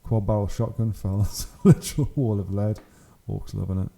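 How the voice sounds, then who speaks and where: Chatty man with a very dark voice. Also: on the low side, fairly even intonation, normal speed, gravelly, hardly any pauses. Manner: chatty, enthusiastic, laughs often. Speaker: channel host. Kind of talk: casual commentary on hobby photos.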